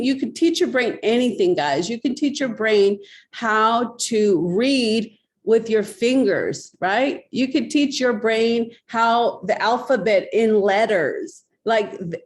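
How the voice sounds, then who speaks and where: A woman coaching a tapping exercise, giving step-by-step instructions in a coaxing, instructive way. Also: fairly high pitch. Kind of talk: guided tapping demonstration.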